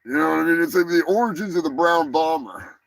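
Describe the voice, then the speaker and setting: A man's voice: a little high, lively intonation, quick pace, creaky. A man hosting a comedy news show, rambling through crude jokes and profane asides. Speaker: host. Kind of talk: casual comedy chat.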